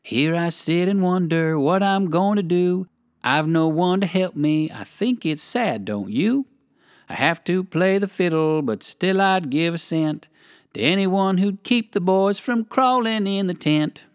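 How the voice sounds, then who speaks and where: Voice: medium pitch, unhurried, clear, resonant tone, no room sound, studio quality, lightly acted. A storyteller voicing a cheerful, showy male monkey clown in a children's story, who talks and sings politely. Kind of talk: storybook character voice.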